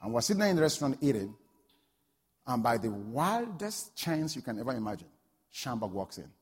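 A man preaching a sermon, telling a story and building to loud, fervent peaks. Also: medium pitch, big pitch swings, brisk, breathy edge. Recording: long hall reverb.

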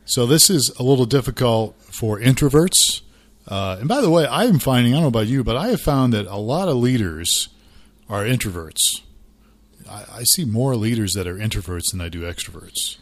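A man's voice: mid-range voice, lively intonation, moderate pace. A middle-aged man co-hosting a casual podcast about church life, chatty and self-deprecating. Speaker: podcast co-host.

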